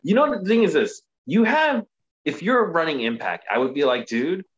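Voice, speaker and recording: A man co-hosting a casual podcast, recapping a show with animated, profane commentary. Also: a little high, moderate pace, highs cut off. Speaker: podcast co-host. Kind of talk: casual wrestling recap chat.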